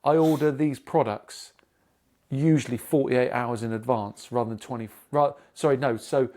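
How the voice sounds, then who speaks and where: A man's voice: mid-range voice, steady tone, normal speed, warm tone. A man from Britain, a podcast co-host in casual chat, telling stories animatedly with lots of swearing and acted-out dialogue.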